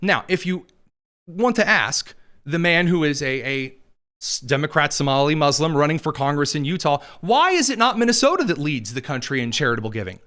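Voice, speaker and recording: A man's voice: a little high, very animated, brisk, a bit bright. A man hosting a political commentary show, talking in a sarcastic, mocking way.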